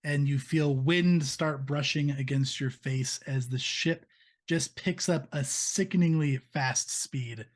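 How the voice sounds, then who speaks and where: A man's voice: mid-range voice, slow. Man narrating as game master. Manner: vivid, steady scene narration.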